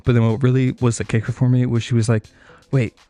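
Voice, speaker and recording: A man's voice: mid-range voice, little pitch movement, fast, warm tone, soft background music. Rambling young man telling a profane story. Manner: rambling, profane, heavy on filler words, laughs at his own story.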